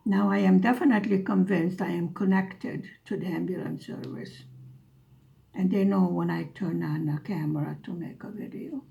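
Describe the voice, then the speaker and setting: A woman's voice: medium pitch, creaky, dark tone, a little hiss or hum. A woman vlogger telling a story in a dry, sarcastic way as she chats over her craft. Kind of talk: casual storytelling while diamond painting.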